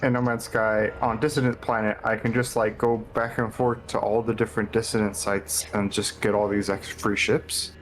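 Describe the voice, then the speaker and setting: A man's voice: fairly low pitch, flat delivery, moderate pace, few pauses, low-quality recording. A man chatting casually, telling a laid-back, run-on story full of "and then". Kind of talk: casual chat.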